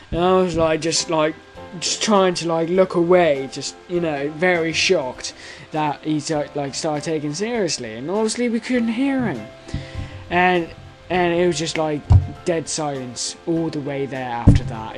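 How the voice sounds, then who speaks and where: A young man in his late teens telling a story to camera in a rambling, excitable way, full of fillers, restarts and swearing. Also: a little high, measured pace, soft background music, rough recording. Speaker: vlogger.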